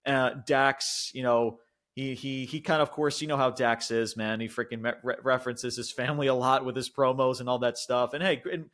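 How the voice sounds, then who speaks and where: Young guy podcasting, rambly and animated, swears a lot, laughs while retelling stuff. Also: mid-range voice, a little fast. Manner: loose, rambling, peppered with fillers and swearing. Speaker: podcast co-host. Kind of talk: casual wrestling recap chat.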